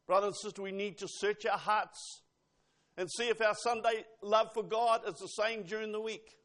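An older man preaching a sermon in a church, earnest and pausing, with rising and falling emphasis. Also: high voice, steady tone, fairly bright tone.

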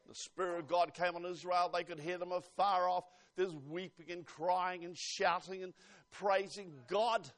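A male preacher with a notably high voice delivers a fervent sermon. He presses his points with loud, urgent appeals and then drops into quiet, confiding asides. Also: steady tone, a little slow. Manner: fervent, swings between loud exhortation and hushed asides.

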